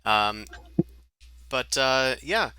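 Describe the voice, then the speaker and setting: A man's voice: medium pitch, animated, very slow, pushed and bright, clean tone, no room sound. A man running a tabletop game as dungeon master, chatting casually over a voice call with an easygoing, hesitant manner. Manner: easygoing, hesitant with many fillers.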